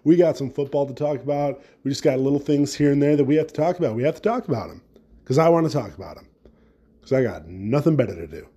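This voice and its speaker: A man's voice: on the high side, expressive, fast talker, warm tone, slightly rough. A young adult man hosting his podcast alone, rambling through crude, self-deprecating jokes. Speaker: podcast host. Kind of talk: casual solo podcast rant.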